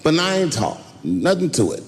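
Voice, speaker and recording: Male stand-up comic, lively swinging pitch, profane, big reverberant venue with faint room ambience. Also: moderate pace. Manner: animated, profane, jumps between voices. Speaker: stand-up comedian. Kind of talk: stand-up comedy routine.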